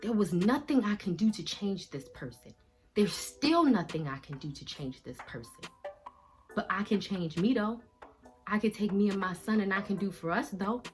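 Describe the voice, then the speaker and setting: A woman's voice: mid-range voice, expressive, normal speed, soft background music. A woman vlogger giving faith-based motivational talk, emphatic and preachy, in casual slangy phrasing. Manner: emphatic and preachy, swinging between soft and loud. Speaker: vlogger giving life advice.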